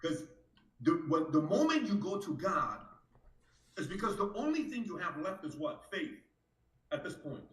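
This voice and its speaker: Emphatic male stream host, fairly high voice. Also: big pitch swings, moderate pace, pauses often, fairly bright tone, roomy sound, distant mic, rough recording. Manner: emphatic, insistent, repeats for emphasis. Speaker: host of a live reaction stream. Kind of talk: live stream political commentary.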